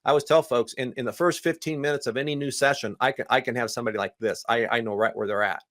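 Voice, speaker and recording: Animated male counselor, dry close sound. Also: mid-range voice, dry recording. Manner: animated, acts out other people's voices; repeats words in quick bursts. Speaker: guest, counselor. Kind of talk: casual conversation.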